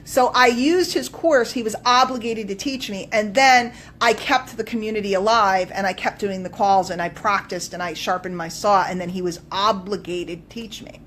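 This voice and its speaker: A woman coach telling a story on a live stream, emphatic and animated, swinging between loud bursts and quiet asides. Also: mid-range voice, normal speed, hardly any pauses, slight background noise. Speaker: business coach.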